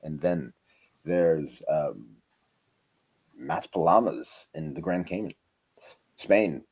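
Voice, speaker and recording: A man hosting a casual podcast chat, animated and jumping between loud bursts and low mumbles. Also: slow, husky, rough recording. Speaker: podcast host.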